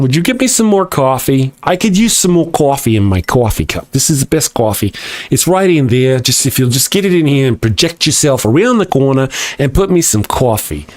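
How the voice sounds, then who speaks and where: A man's voice: a little high, dry recording. A man hosting a casual livestream and reading chat aloud, joking and sarcastic with rambling asides.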